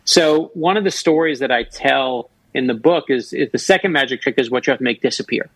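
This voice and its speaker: A man's voice: mid-range voice, fairly quick, a bit bright, husky, no room sound, poor audio. A man in his fifties from Florida, a guest author telling personal stories in a radio interview and acting out the voices he quotes. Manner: earnest storyteller who acts out quoted voices.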